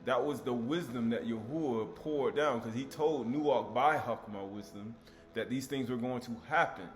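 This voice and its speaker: Male scripture teacher, mid-pitched, emphatic and repetitive, quiet music underneath. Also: moderate pace. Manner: emphatic, repeats key words, asks rhetorical questions.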